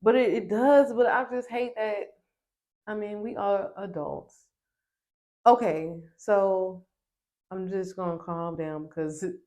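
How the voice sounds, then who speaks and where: A young woman giving a casual, sassy recap of a reality TV episode, speaking with emphasis and addressing the cast directly. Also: on the low side. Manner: sassy, emphatic, talks to the screen. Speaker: reality TV reviewer.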